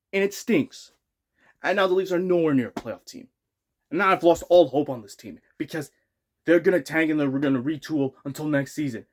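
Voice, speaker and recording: Young male fan vlogger, exasperated rant, slightly high voice. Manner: exasperated, repetitive ranting. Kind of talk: ranting fan commentary.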